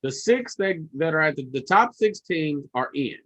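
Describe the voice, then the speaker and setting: A man's voice: fairly high pitch, lively intonation, normal speed, a bit bright. A man and comedian in casual podcast chat who jumps in eagerly and explains things step by step.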